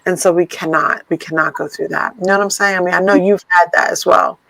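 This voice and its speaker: A woman's voice: fairly low pitch, steady tone, fast talker, creaky, pushed and bright, no room sound, poor audio. A woman in her fifties co-hosting a podcast from her home office, talking in an emphatic, playful, somewhat preachy way. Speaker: podcast co-host. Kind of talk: casual podcast chat.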